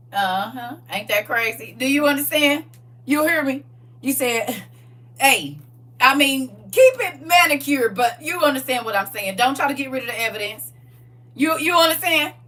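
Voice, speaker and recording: A woman hosting a livestream, talking in a casual, preachy, comic way, animated, laughing and teasing. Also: sits high, recorded from a distance. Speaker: livestream host.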